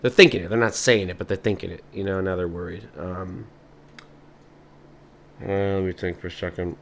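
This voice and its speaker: A man hosting a podcast, rambling through an improvised comic monologue in a meandering, deadpan way. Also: low-pitched, normal speed, slight background noise. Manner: meandering, deadpan, many fillers. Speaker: podcast host.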